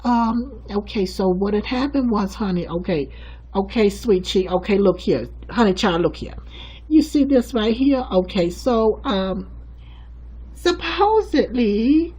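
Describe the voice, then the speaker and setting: A man's voice: very high voice, a little mellow, breathy edge, pitched above the performer's own voice, heavily acted, poor audio. A man voicing a sassy, bossy churchgoing sister who calls everyone honey, in a comedic character monologue. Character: sassy gossiping churchgoing sister, middle-aged woman.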